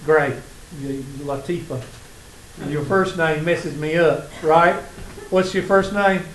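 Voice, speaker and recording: A man's voice: fairly high pitch, fairly even intonation, takes it slowly. A man with a Southern US accent teaching a college math class, chatting and telling sarcastic stories to his students. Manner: joking, sarcastic storytelling to students. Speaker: math instructor. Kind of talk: casual classroom lecture. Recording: echoey classroom with faint room noise.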